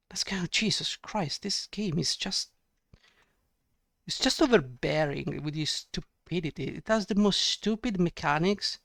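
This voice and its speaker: A man's voice: fairly high pitch, creaky, fairly bright tone, no echo, clean studio sound. A man giving ranting gameplay commentary, exasperated and sarcastic, swearing often. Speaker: let's play gamer.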